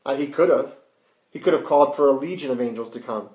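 A man preaching a sermon with rhetorical questions and sudden hushed drops. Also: mid-range voice, fast. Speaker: pastor. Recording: roomy echo.

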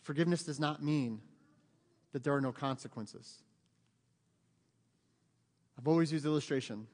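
A man's voice: a little high, moderate pace, darkish tone. A middle-aged man from the United States, a pastor preaching a sermon in an earnest, pleading way that builds to emphatic peaks. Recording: long church hall reverb.

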